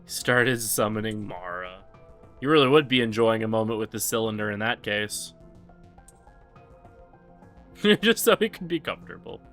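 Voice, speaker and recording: A man talking through his speedrun on a live stream in a loose, rambling way, full of fillers. His voice is somewhat low but bright and forceful, with faint game music underneath. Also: normal speed. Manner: rambling, relaxed, lots of fillers. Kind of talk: casual live-stream commentary.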